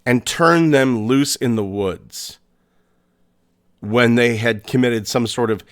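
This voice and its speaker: A man hosting a podcast, narrating a scary story in a suspenseful way, with pauses and restarts. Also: mid-range voice, smooth. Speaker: podcast host.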